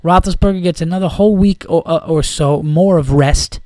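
A man rants heatedly about football, swearing freely and rambling from point to point. His voice sits a little high for a man. The sound is dry and close, with no room around it. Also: brisk, mellow, no room sound. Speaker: podcast host. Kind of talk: casual sports rant.

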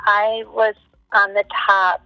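A woman telling a personal story in a relaxed, thoughtful way. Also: medium pitch, takes it slowly, no echo, muffled recording. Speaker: podcast guest, psychic. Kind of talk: casual storytelling.

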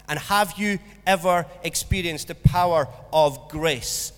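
Speaking at a measured, smooth pace with few pauses, this man has a fairly high voice. He's a pastor delivering a sermon in a church hall, where long reverb hangs in the air, and he animates a school anecdote by performing the characters' voices.

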